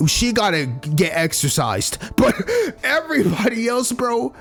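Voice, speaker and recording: Excitable young man with a lively voice. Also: very high voice, measured pace, vocal fry, faint music behind. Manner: excitable, slangy, laughs often. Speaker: let's play streamer. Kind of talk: game commentary, reading dialogue aloud.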